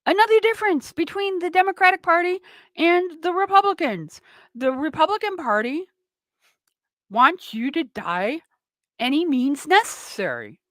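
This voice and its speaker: A woman's voice: very high-pitched, sing-song, moderate pace, fairly bright tone, dry recording. A woman hosting a political talk radio show, ranting with sarcastic indignation.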